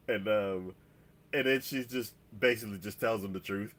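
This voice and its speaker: A man's voice: fairly low pitch, normal speed, a bit bright. A man casually recapping an anime episode on a podcast, rambling with lots of "like" and "um" fillers. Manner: rambling, heavy on "like" and "um". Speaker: podcast co-host.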